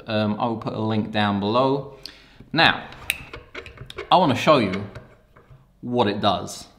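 Breathless, excitable man reviewing gear. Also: lowish voice. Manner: excitable, rambling, hyping. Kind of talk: casual product review.

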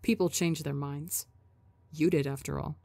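A woman's voice: low-pitched, steady tone, a little slow, vocal fry, warm tone, no echo, heavily acted. A woman voicing a cruel, taunting inner voice in a storybook reading. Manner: nasty, taunting.

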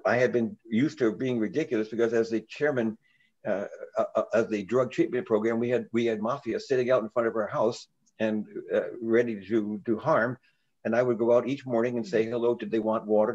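An older man, a reverend, telling a story in an interview in an earnest way, with frequent halting restarts. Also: on the low side, a little mellow, dull audio.

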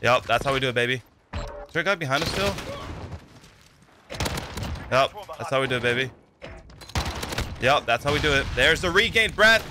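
A young man giving live commentary over his own shooter gameplay, talking in a loose, excitable way, swearing now and then and yelling when the fighting heats up. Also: mid-range voice, normal speed, pauses often, background noise. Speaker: gaming YouTuber. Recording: gunfire sounds behind the voice.

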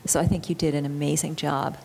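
A woman with a fairly low voice leads a workshop session, speaking in a measured, encouraging way. Faint background noise sits under her voice in the conference room. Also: flat delivery, gravelly, a little mellow, in a large hall. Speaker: workshop facilitator. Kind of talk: giving feedback and guiding a workshop.

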